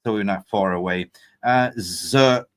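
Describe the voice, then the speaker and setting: A man's voice: lowish voice, unhurried. A man hosting a fan channel's player ratings, joking and pleading to make his point. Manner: excitable, jokey, pleading to finish his point. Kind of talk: casual football chat.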